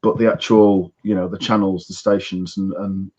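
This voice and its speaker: A low-pitched man with a husky voice joins a live-stream panel chat over a video call. He sounds scornful and stop-start, breaking off and restarting his sentences. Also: flat delivery, moderate pace, warm tone, lo-fi sound. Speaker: panel guest.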